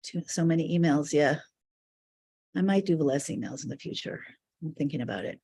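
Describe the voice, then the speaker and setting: A woman with a mellow, husky voice leads a live online spiritual class. She talks earnestly and reflectively, in loose, flowing phrases. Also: low-pitched, moderate pace. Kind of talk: live online teaching session.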